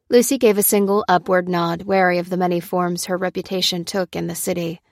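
A woman narrating a work of fiction in a steady storytelling voice. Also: lowish voice, fairly quick, creaky, hardly any pauses, no room sound, clean studio sound. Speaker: audiobook narrator.

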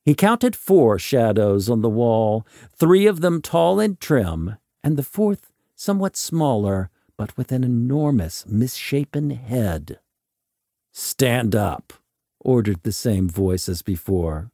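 A man narrating a story in a slow, measured and expressive way. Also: mid-range voice, no echo, clean studio sound.

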